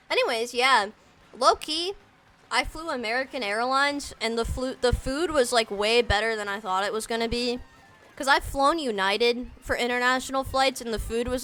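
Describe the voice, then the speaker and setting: A woman's voice: a little high, pushed and bright. A young woman chatting casually on a live game stream, rambling with lots of slang and filler words. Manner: rambling and slangy, heavy use of "like" and "dude". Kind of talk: casual live-stream chat while gaming.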